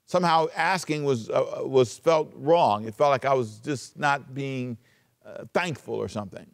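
A man preaching a sermon as pastor, emphatic, switching between loud urging and quiet asides. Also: mid-range voice, normal speed, vocal fry.

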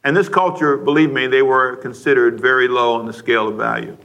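A man preaching a radio sermon, talking straight to the listeners with a stream of questions and now and then acting out a frustrated parent with a sudden loud outburst. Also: medium pitch, fairly even intonation, fairly quick, vocal fry, lo-fi sound. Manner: conversational, asks the listeners many questions.

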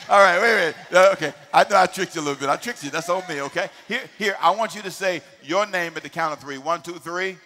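A middle-aged male pastor preaching a sermon, with emphatic call-and-response delivery that swings from quiet asides to shouting. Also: high-pitched, quick pace, hardly any pauses, in a large hall, some chatter behind, a little hiss or hum. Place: church sanctuary.

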